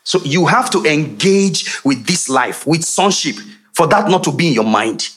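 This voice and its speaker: Lively preacher, man. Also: a little high, unhurried. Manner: animated call-and-response with congregation; laughs often, conversational asides. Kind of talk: sermon.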